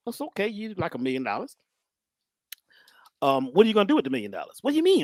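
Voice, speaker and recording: A woman's voice: low-pitched, big pitch swings, rapid-fire, no room sound, clean studio sound. A woman giving a preachy motivational talk as a guest, full of rhetorical questions, repeated phrases and slang. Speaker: guest teacher on mindset and healing.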